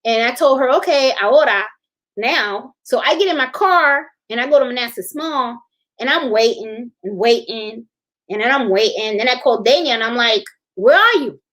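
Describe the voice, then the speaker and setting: Chatty woman, rather high voice. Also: moderate pace, fairly bright tone. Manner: chatty and rambling, laughs often, answers viewer comments. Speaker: host of a live sewing and embroidery stream. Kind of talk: casual livestream chat.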